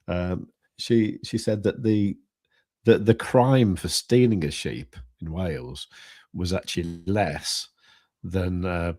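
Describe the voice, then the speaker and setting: Man, low voice, dry close mic, chatty jokey livestream talk. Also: slow, a little mellow, no echo. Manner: chatty, jokey, laughs often. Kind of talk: casual livestream chat.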